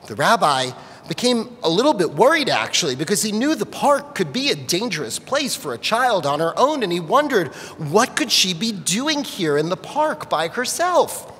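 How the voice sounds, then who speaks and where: A man telling a story at a family worship service, expressive, in a large sanctuary. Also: high-pitched, normal speed, breathy edge. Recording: long reverb of a large sanctuary.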